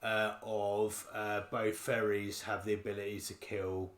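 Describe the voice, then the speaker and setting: Speaking a little slowly, this man co-hosts a UK podcast and rambles through a casual film chat, often restarting what he's saying. His pitch is fairly low and barely moves, his tone is a bit bright, and there's reverb on the recording.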